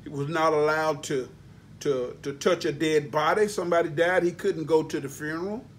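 A male pastor delivers an emphatic, folksy sermon. His voice sits high for a man, and he leans into words to drive each point home. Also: fairly even intonation, moderate pace, slight background noise. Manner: emphatic preaching with spelled-out words and folksy asides.

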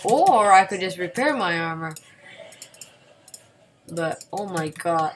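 A woman giving casual gameplay commentary at her home computer at night, excitable, yelping and repeating words when she panics. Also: lowish voice, slow, a little hiss or hum.

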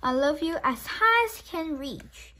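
Squeaky little boy hare, as a woman puts him on. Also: lively intonation, unhurried, sharp tone, slight background noise, heavily acted. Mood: eager. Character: small excited young male hare child. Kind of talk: storybook read-aloud.

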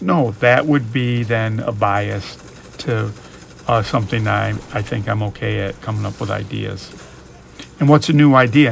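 Gaming YouTuber, male, mid pitch, gravelly, rambling and reflective, faint hiss under the voice. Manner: rambling, reflective, thinks aloud. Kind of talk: casual musing commentary over gameplay.

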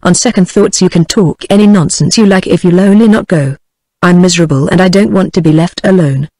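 A British woman voicing a very young, soft-spoken girl in a storybook, in a steady text-to-speech reading. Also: fairly quick, dry recording. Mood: pleading. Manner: soft, low-voiced.

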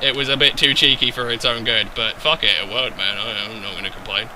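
A young man giving sweary, excitable commentary over a football video game, breaking into loud outbursts and then dropping to low mutters. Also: a little fast, noisy background. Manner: excitable and sweary, yelling at his players. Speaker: gaming YouTuber. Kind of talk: live gameplay commentary.

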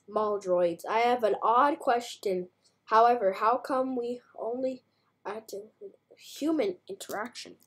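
A woman's voice: on the high side, measured pace. A woman giving casual, playful, chatty commentary while playing a video game, full of slang. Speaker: game streamer.

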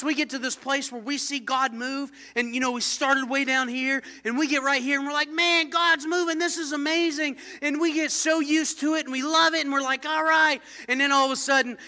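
A man preaching in church with a strikingly high, piercing voice. He moves from hushed, intense warnings to loud exclamations, calling on the congregation to respond. His delivery is passionate and sharp-edged. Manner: fervent preaching, swings from low intensity to shouting. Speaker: pastor. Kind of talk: sermon.

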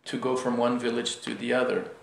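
A man's voice: mid-range voice, fairly quick, creaky. A man giving a casual spoken lecture at a yoga center, telling stories and doing voices for the characters. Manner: storytelling, animated voices for characters. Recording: echoey room.

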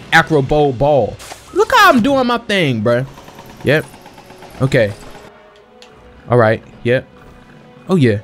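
A young man with a slightly high voice gives casual let's-play commentary, excitable and full of slang as he narrates his own moves. He sounds a bit sniffly, and faint game music plays underneath. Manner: excitable, slangy, talks to himself and viewers while playing. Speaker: gaming channel host.

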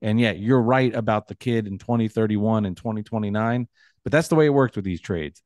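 Male podcast co-host, low pitch, stammering restarts, dry intimate recording. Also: warm tone, dry recording. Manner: halting, many restarts, wry. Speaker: podcast co-host, Nets fan. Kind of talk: casual sports chat.

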